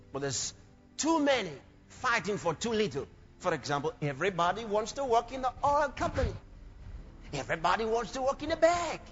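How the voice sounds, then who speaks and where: High-voiced emphatic male preacher. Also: fairly bright tone, lo-fi sound. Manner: emphatic, repeats phrases, acts out quoted voices. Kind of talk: sermon.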